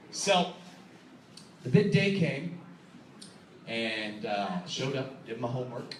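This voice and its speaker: A man performing a stand-up comedy set, telling a story with animated delivery, acting out voices and laughing at his own jokes. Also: medium pitch, slow, pauses often, far from the mic, a little hiss or hum. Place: comedy club stage. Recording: echoey club recording, audience laughter. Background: audience laughing.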